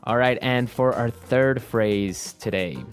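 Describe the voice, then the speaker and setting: A man co-hosting an English lesson, explaining words clearly and slowly like a teacher. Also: mid-range voice, faint music behind. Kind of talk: language lesson chat.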